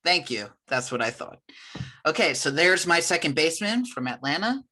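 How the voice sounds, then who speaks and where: A man co-hosting a casual sports podcast, relaxed and wry. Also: a little high, moderate pace. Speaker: podcast co-host.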